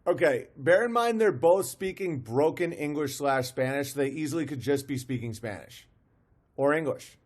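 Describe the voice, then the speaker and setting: A man's voice: a little high, expressive, moderate pace. A man streaming live, commenting on a video with amused disbelief, often restarting his sentences. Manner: amused, incredulous, restarts and laughs.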